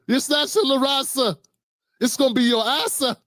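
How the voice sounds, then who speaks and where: A man's voice: very high voice, moderate pace, a bit bright, no echo, clean studio sound. A man hosting a live stream, giving sarcastic, joking commentary full of slang and stories.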